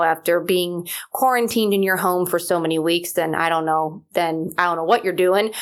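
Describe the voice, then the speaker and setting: A woman host chatting on her podcast in a loose, rambling way, full of ums and likes. Her voice sits a little low for a woman. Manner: chatty, rambling, many fillers. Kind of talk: casual solo chat.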